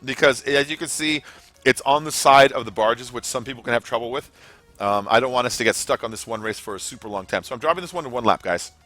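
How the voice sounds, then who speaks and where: Talking fast in a mid-range, somewhat bright voice, this young American streamer rambles casually while playing a game live and cracks himself up with his jokes. The recording has no echo, just faint music in the background.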